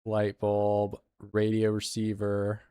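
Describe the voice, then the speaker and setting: Playing a video game, a game streamer from the United States gives casual, joking commentary to his chat. He speaks slowly in a fairly low, warm, smooth monotone, recorded at studio quality with no echo.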